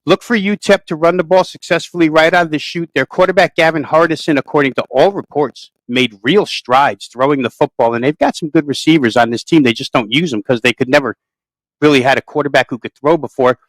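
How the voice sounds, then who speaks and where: A man's voice: fairly high pitch, a little fast, no echo, rough recording. A man breaking down games as a sports betting handicapper, thorough and detailed in his analysis. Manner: thorough, detailed, long-winded.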